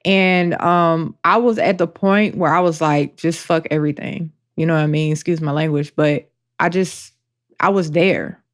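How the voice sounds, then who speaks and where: A woman co-hosting a podcast, speaking openly and emotionally in a slow, halting way. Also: low voice, fairly even intonation. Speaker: podcast co-host. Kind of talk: candid personal talk.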